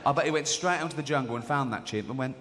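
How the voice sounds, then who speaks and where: An English man in his forties performs stand-up comedy on a large theatre stage, joking, swearing freely and acting out characters in mock voices. His mid-range voice races along over a noisy background, captured on a stage mic with long hall reverb and audience laughter.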